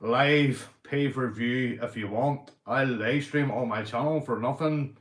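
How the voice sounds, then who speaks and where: A man's voice: mid-range voice, slow pace, a bit bright. A Northern Irish man hosting a casual livestream, rambling and boisterous, a few beers in, calling everyone "mate". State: drinking beer. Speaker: livestream host. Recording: echoey room.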